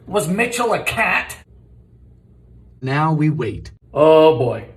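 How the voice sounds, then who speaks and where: Young male comic baking host; high, very animated delivery, roomy home kitchen sound. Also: slow. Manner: theatrical, deadpan asides and sudden shouts. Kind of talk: comedic cooking narration.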